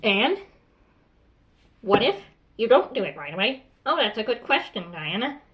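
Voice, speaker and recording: A woman voicing a strict but calm female school principal in a hobby role-play skit, firm and instructive, tagging her points with "okay?". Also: a little high, normal speed, muffled recording. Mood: instructing.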